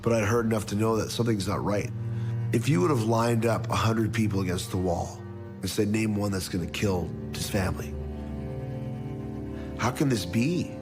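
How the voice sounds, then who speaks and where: A man's voice: on the low side, moderate pace. A man in an interview speaking in an incredulous, searching way. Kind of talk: personal recollection. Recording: music bed under voice. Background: music.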